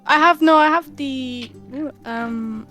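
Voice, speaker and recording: A woman talks casually as a player in a tabletop game, a bit hesitant and chatty. Her voice is high, with faint music in the background. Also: slow pace, fairly bright tone.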